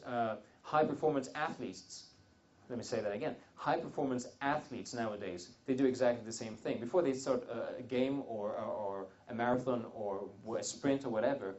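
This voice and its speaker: A man leads a live seminar for a room of attendees, middle-pitched and rambling, often restarting his sentences and slipping in jokey asides. The recording is dull and lo-fi, without much crispness. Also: a little mellow. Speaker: seminar speaker. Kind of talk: live wealth seminar talk.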